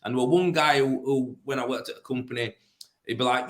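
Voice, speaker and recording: A man with a broad Yorkshire accent, talking bluntly and casually in an interview. He tells his stories with plenty of fillers and restarts. His voice sits at a middling pitch and carries a roomy echo. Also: steady tone, fast, a bit bright. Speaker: plasterer and business owner.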